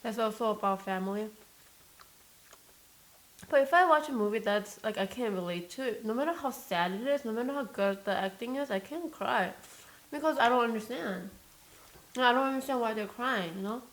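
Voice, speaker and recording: A woman's voice: on the high side, animated, normal speed. A young woman talks casually in a mukbang-style vlog, telling stories in a rambling way full of fillers and false starts. She grows emotional easily, and a faint static crackle runs under her voice. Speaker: mukbang vlogger. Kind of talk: casual chat while eating. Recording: staticky mic noise.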